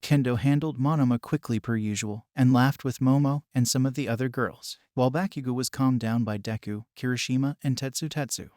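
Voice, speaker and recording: Male narrator for a fan story, steady even reading, mid-pitched, dry close sound. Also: a little fast, hardly any pauses, dry recording.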